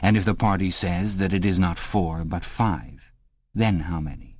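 A man reading an audiobook, voicing a cold, patient male interrogator who speaks slowly and lectures in measured tones. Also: sits low, darkish tone, no echo, clean studio sound. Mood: coldly probing.

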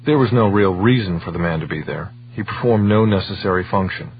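Low-voiced man narrating an audiobook. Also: a little fast, highs cut off, a little hiss or hum.

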